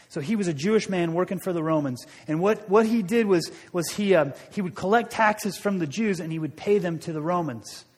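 Male pastor, fairly high voice, casual storytelling sermon, long hall reverb. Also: slightly rough. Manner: conversational storytelling, frequent restarts.

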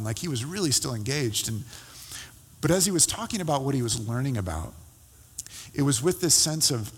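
Man, pastor, sermon, mid-pitched voice, halting conversational delivery, long hall reverb. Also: sing-song, husky. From California. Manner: conversational, halting with many fillers and restarts. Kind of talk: sermon with personal story.

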